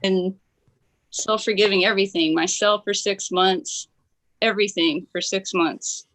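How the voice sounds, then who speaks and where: An excited woman from Kentucky calls in and rushes through her story, full of "um"s and restarts. Her voice sits in a middling register and sounds dry and close, with no room around it. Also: mid-range voice, dry recording. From Kentucky, USA. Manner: excited, tumbling, many fillers. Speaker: caller. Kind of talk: call-in sharing a personal story.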